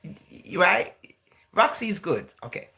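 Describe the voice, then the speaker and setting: A woman from England talks to camera in a chatty, rambling way, leaning on "you know" and "right?". Her voice is bright and gravelly, with a lively, swooping pitch, and she drifts into Jamaican-style phrasing. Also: unhurried. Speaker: vlogger. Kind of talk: casual talking-to-camera monologue.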